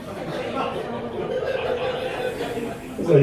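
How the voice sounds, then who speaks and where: A man in his thirties doing a stand-up comedy set with a laid-back, deadpan delivery at a comedy club. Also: medium pitch, normal speed, pauses often, heavy reverb, distant mic, slight background noise, rough recording. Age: 30s. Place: comedy club with a live audience.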